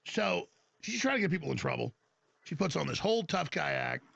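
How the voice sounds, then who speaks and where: A scornful male commentator with a high, gravelly voice that swings widely in pitch. He talks in a mocking tone, and the sound comes through muffled and lo-fi, as if played back from a clip. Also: very animated, fairly quick, fairly bright tone. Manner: scornful, slips into mocking impressions. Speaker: political commentator. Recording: muffled lo-fi playback.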